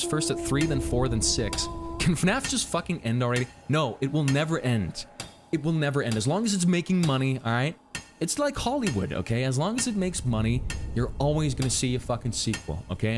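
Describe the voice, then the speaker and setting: Young man ranting casually over game music. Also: medium pitch. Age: 20s. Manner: ranting, profane, rambling. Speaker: gaming streamer. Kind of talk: casual playthrough chat.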